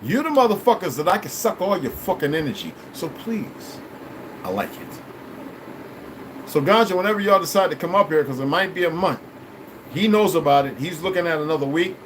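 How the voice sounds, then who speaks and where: Male streamer, slightly high voice, blunt and profane, preachy rambling delivery. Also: animated, a little fast, fairly bright tone, a little hiss or hum, rough recording. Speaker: livestream host talking to viewers. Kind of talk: rambling casual livestream chat.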